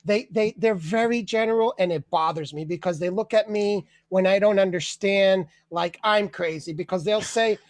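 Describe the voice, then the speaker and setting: A man hosting a comedy open mic over a video call, telling an animated, exasperated bit and laughing at his own jokes. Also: high-pitched, moderate pace, hardly any pauses, dry recording. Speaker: comedy show host.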